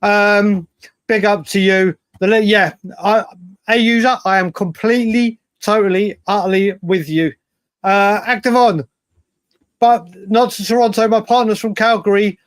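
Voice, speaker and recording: A man's voice: high voice, fairly even intonation, unhurried, no echo. A man with an English accent co-hosting a casual football chat, emphatic and given to repeating himself. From England. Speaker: podcast co-host.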